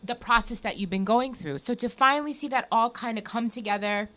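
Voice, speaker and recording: A woman's voice: on the high side, a little fast, sharp tone. A woman in a casual podcast chat, tearful, emotional and apologetic. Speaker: podcast guest.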